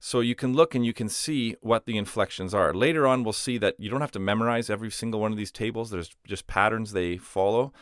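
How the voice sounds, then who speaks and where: A man's voice: on the low side, brisk, hardly any pauses, smooth, no room sound, clean studio sound. A man teaching a language lesson, explaining patiently with simple everyday comparisons. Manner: patient, uses simple analogies.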